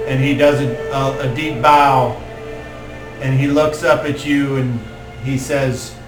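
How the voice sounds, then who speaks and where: A man narrating a tabletop game as game master in a slow, descriptive way. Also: medium pitch, little pitch movement, over music. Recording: echoey room, mic from far off, faint noise.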